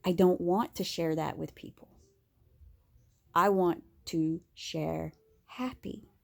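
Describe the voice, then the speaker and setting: A woman's voice: fairly low pitch, fairly even intonation, slow, vocal fry. A woman vlogger talking candidly in a casual, rambling monologue, full of fillers and restarts.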